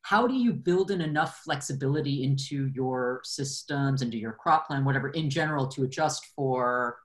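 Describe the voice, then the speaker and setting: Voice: mid-range voice, normal speed. A panel moderator who frames audience questions casually and hesitantly, with many fillers.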